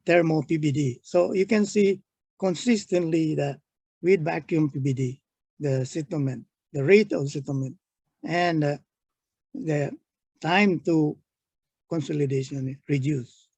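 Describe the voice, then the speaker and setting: Older male lecturer, slow and halting, raised pitch, husky voice, dry sound. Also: darkish tone, no room sound. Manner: slow, halting, pointing at slides. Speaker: geotechnical engineering lecturer. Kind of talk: technical lecture on slides.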